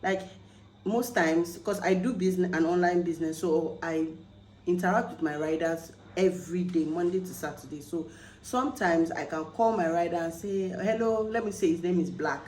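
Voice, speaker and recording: A Nigerian woman chatting casually to camera in a vlog, lively when quoting phrases. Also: on the low side, normal speed, echoey room, a little hiss or hum, poor audio. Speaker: vlogger.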